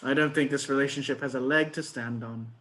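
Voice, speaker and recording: A man's voice: mid-range voice, fairly even intonation, brisk, a bit bright. Dry-witted man improviser on a video call. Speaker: improv performer. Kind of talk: online improv scene work and chat.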